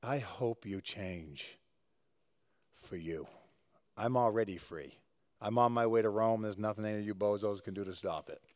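A calm, defiant apostle speaks low and unhurried, as a preacher puts him on mid-sermon. His voice stays quiet and steady and is recorded dry and close. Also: no echo, lightly acted. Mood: resolute. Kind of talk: sermon read-aloud role voice.

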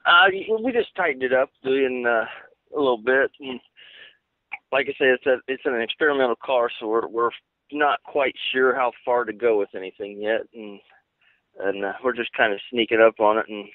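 Halting race driver on a phone line. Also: male voice, medium pitch, fairly even intonation, no echo. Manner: halting, many fillers and restarts, plain-spoken. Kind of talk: casual interview answers.

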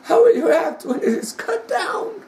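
A solemn, sorrowful prophet speaks slowly and pleadingly, as a preaching man puts him on. The voice sits a little higher than the speaker's usual register and keeps a gravelly edge, while the room rings with echo. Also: sing-song, darkish tone, slight background noise, full character voice. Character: sorrowful prophet man addressing weeping women. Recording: echoey room.

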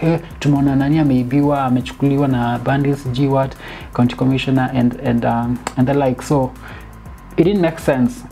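A woman giving a casual, animated film critique, dropping in bits of Swahili slang and sounding exasperated. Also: extremely low pitch. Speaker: film reviewer.

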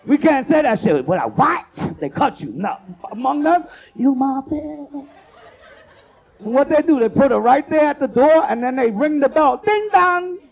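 A man doing a loud, profane stand-up comedy set as host, working the crowd and acting out bits. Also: extremely high pitch, brisk, vocal fry, few pauses. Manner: loud, profane, animated crowd work with acted-out voices.

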